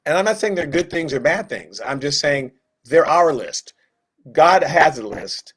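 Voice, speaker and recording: A man's voice: on the high side, expressive, a little slow, a bit bright, husky. A man teaching a Bible class in a casual, conversational way, with joking asides and quoted voices acted out. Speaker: Sunday school teacher.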